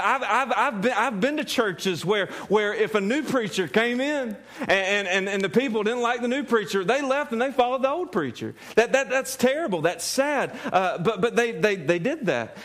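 A male pastor preaching a sermon, animated, often repeating and restarting his words and laughing as he talks. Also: sits high.

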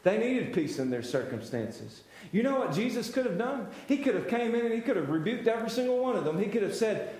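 A man's voice: very high-pitched, a little mellow. A male pastor preaching a sermon, building emphasis through repeated refrains and direct address to the congregation. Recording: very echoey church hall.

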